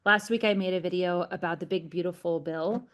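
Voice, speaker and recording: A woman guest in a casual chat, explaining her work in a measured way. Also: fairly low pitch.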